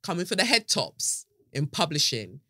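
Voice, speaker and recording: A woman hosting a podcast, telling a story in an animated, dramatic way and swearing freely. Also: deep voice, moderate pace, slightly rough, no echo, clean studio sound. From United Kingdom. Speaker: podcast host. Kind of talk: casual podcast monologue.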